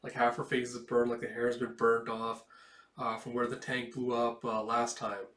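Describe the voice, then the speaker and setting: A man's voice: mid-range voice, monotone, normal speed, a bit bright. A man walks through a comic page by page in an emotional, loose way with plenty of fillers. His voice sits mid-range and sounds roomy, picked up from some distance away. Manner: emotional, filler-heavy retelling. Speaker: comic reader. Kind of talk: casual comic read-along.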